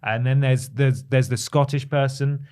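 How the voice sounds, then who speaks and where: A man's voice: medium pitch, steady tone, unhurried, a little mellow, smooth. A man, co-hosting a casual gaming podcast, chatty and wryly exasperated. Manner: chatty, exasperated ranting, wry. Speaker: podcast co-host.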